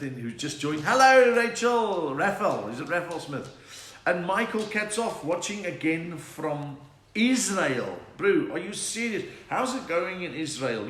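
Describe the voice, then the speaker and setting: Echoey South African comedian joking. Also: male voice, on the high side, fairly bright tone, slight background noise. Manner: quick-fire jokes, chatty, laughs at his own lines. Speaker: comedian hosting a live chat. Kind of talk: live stand-up joke session. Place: room at home.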